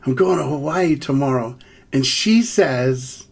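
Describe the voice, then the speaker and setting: A man's voice: medium pitch, a little slow, a little mellow. A man telling a self-deprecating funny story in a chatty way before leading a prayer song. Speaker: musician and comedian. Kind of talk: comic storytelling and sung prayer. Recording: music clearly heard behind the voice. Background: guitar.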